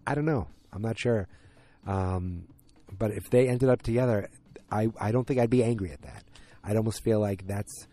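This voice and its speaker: Mellow low-voiced man rambling frankly. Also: normal speed. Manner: rambling and frank, with loose swearing. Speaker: podcast host recapping a TV series. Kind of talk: casual solo recap talk.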